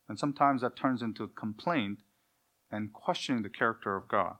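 A pastor with a fairly low, slightly bright voice preaches a sermon a little fast and emphatically. He poses rhetorical questions and answers them himself, and acts out dialogues between parent and child.

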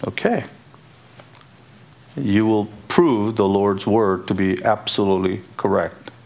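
A man delivers a sermon in a low-pitched voice. He speaks deliberately and emphatically, circling back to repeat phrases for weight. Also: little pitch movement, vocal fry, darkish tone. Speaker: preacher.

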